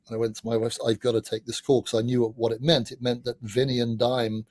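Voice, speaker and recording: A middle-aged man, a podcast guest, telling anecdotes in a chatty way, often restarting his sentences and dropping in quick asides. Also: mid-range voice, little pitch movement, a little mellow, no room sound. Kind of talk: casual anecdotal storytelling.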